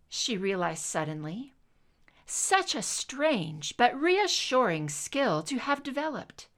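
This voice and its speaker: A woman reading a story aloud as narrator, in an expressive, unhurried way. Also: fairly high pitch. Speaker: reader.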